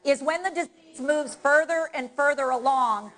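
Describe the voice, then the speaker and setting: A woman's voice: high voice, normal speed, fairly bright tone. A woman trainer giving a live workshop on dementia care, talking directly and coaching the audience through hands-on exercises. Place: presentation room.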